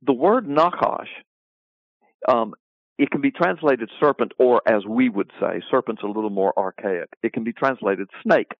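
This mid-range male voice is animated and moves at normal speed, with no room sound on the dry, phone-like line. He's answering an interview question about the Bible like a preacher, emphatic and repetitive, building out lengthy lists.

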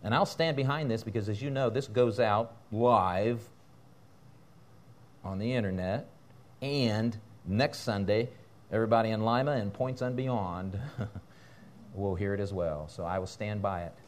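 A man preaching a sermon as pastor in a church, fiery and animated, breaking into laughter and asides. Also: fairly low pitch, unhurried, long pauses.

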